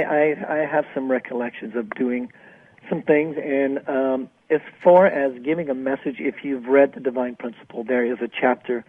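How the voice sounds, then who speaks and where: A husky, breathy man of middle pitch speaks in a dry, close voice squeezed through a tinny phone line. He tells his story animatedly as an interview guest and acts out the dialogue he quotes. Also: no echo. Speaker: interview guest, spiritual author.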